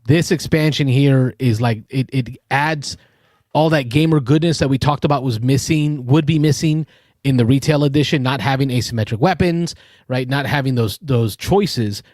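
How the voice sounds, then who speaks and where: A man's voice: medium pitch, normal speed, darkish tone, no room sound, clean studio sound. Man giving an enthusiastic game review. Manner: enthusiastic, explains in detail with self-corrections. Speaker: co-host reviewing a board game expansion. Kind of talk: casual review chat.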